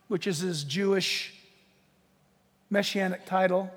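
A man preaching a sermon in a lively, joking way, acting out quotes from the text. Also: sits high, unhurried, in a large hall. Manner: animated, jokey preaching with acted-out quotes. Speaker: pastor.

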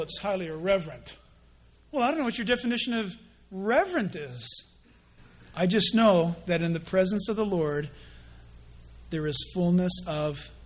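A male pastor preaching a sermon in an animated way, acting out mock dialogues. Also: high-pitched.

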